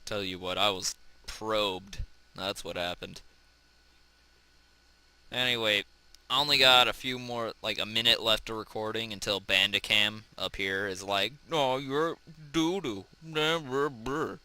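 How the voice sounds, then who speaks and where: A young man hosting a casual let's-play, goofing around and yelling in panic when his character crashes. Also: on the low side, steady tone, unhurried, clean tone, rough recording. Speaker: gaming channel host.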